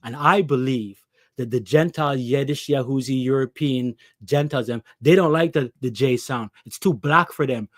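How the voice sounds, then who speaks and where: A man's voice: mid-range voice, moderate pace, no room sound, clean studio sound. A man preaching an impassioned scripture lesson, pressing his listeners with rhetorical questions. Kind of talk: impassioned religious teaching.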